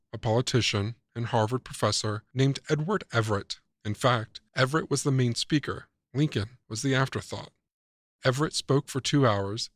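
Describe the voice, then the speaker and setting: A man narrating a scripted reflective essay as a commentator, calm, measured and persuasive. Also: medium pitch, no room sound, studio quality.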